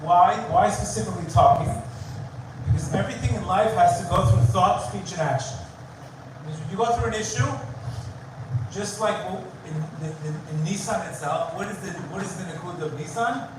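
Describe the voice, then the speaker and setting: At a live venue in Tel Aviv, a man with a high-sitting voice gives a spiritual talk at normal speed, emphatic and repetitive, often questioning the audience. The recording is distant and very echoey, with a noisy background.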